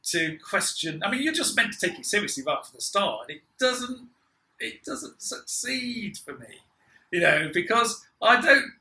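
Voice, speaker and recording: A man co-hosts a casual chat about a film, rambling and restarting as he goes. His voice is high and very bright, with a lively, swooping pitch. The room around him is echoey. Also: moderate pace, vocal fry. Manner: rambling, lots of restarts, laughs often. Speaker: podcast co-host.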